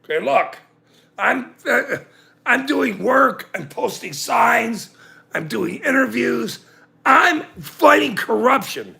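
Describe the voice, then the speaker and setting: A man's voice: very high voice, expressive, takes it slowly, vocal fry, sharp tone. A middle-aged man hosting a livestream, ranting sarcastically and swearing freely as he talks to his chat. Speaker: livestream host.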